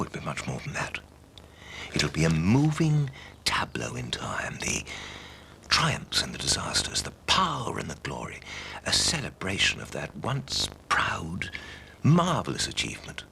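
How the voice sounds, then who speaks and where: A man's voice: rumbling low, huge pitch swings, measured pace, vocal fry, bright, forceful tone, slight background noise, exaggerated voice. An actor playing a pompous man who makes grand theatrical speeches to a friend. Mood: grandiose. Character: pompous middle-aged man with grand show ideas. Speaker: amateur show organiser. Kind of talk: TV soap acting.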